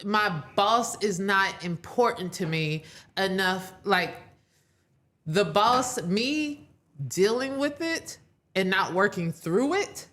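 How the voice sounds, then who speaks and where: Female podcast co-host, frank and expressive, argues back in a casual debate. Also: mid-range voice, slow pace.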